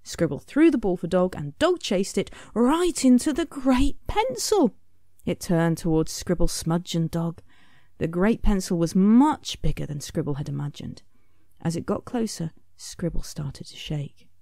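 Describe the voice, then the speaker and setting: Expressive woman reading aloud. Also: lowish voice, unhurried, no room sound, clean studio sound. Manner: expressive, soft drop-offs into whisper. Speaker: author reading her picture book. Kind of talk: storybook read-aloud.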